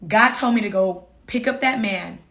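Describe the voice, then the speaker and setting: A woman author and coach telling viewers her own story in a casual, animated, emphatic way, swearing freely. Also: medium pitch, moderate pace.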